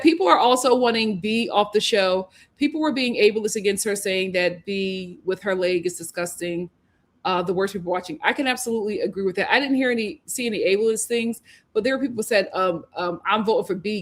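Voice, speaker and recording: A woman's voice: mid-range voice, a little fast, fairly bright tone. A woman hosting a live recap show, talking emphatically and reading out viewers' comments as she gives her opinions. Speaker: host.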